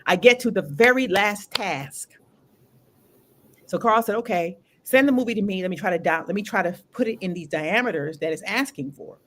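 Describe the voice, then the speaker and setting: A woman hosting a casual talk show, telling a long story in an animated way, repeating phrases for emphasis and swearing freely. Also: mid-range voice, moderate pace, slight background noise. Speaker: show host.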